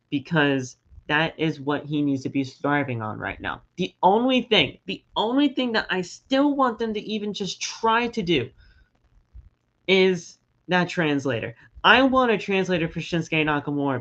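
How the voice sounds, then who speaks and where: A man co-hosting a casual wrestling podcast, often stumbling and repeating words as he talks. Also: high-pitched. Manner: halting, repeats words, animated. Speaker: podcast co-host. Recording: slightly dull lo-fi audio.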